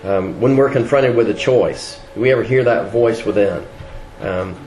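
Man, preacher, conversational sermon, halting restarts, roomy echo, faint background hum. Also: mid-range voice, a little mellow. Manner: conversational, with frequent fillers and restarts.

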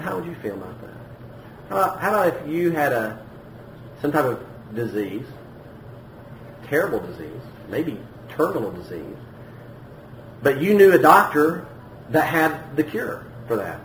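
A man preaching a sermon to his congregation in a conversational way, often repeating himself, climbing to emphatic peaks and dropping low. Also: sing-song, moderate pace, long pauses. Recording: echoey room with faint background noise.

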